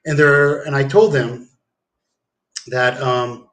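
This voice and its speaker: A man's voice: mid-range voice, steady tone, slow pace, fairly bright tone. A man rambling and swearing through a meandering livestream monologue at home. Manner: rambling, profane, meandering with fillers.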